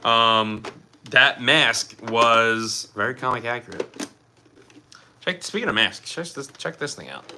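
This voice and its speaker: A man's voice: mid-range voice, expressive, slow, background noise. A man chatting casually to his live-stream viewers at home, rambling and distracted as he fiddles with props.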